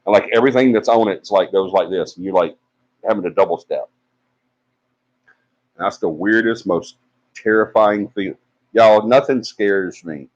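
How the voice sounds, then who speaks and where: A man's voice: deep voice, dull audio. A man telling a story casually on a live stream, full of fillers and acted-out quotes. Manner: animated storyteller, acts out quoted voices, many fillers. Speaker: paranormal investigation team member on a live stream.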